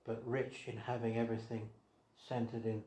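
A man preaches in a roomy, echoing hall at a middle pitch. He asks his listeners one rhetorical question after another. He drops to quiet asides and then rises to firm emphasis. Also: little pitch movement, moderate pace. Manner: rhetorical questions, swings between soft asides and raised emphasis. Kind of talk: evangelistic sermon. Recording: echoey hall.

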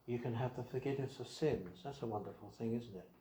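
A man preaching an evangelistic sermon, asking rhetorical questions and swinging between quiet asides and raised emphasis. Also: mid-range voice, fast, a little hiss or hum. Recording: echoey hall.

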